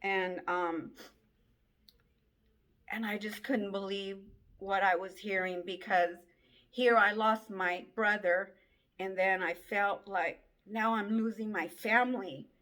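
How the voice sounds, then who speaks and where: Woman, mid pitch, slow, halting and tearful, telling her own testimony. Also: steady tone, a bit bright. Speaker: person giving a personal testimony. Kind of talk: emotional personal testimony.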